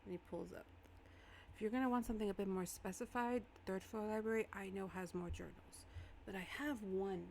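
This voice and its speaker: A woman's voice: mid-range voice, steady tone, a little fast, gravelly, a little mellow, slight background noise, lightly acted. A woman voicing a fussy, dramatic male flame-spirit librarian who gets flustered and exasperated. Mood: helpful.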